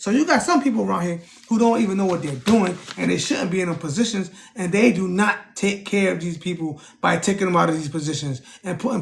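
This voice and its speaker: A streamer with vocal fry hangs out with his chat, talking casually and with plenty of energy. When he reenacts conversations his voice jumps in pitch, and he repeatedly asks, "you know what I'm saying?"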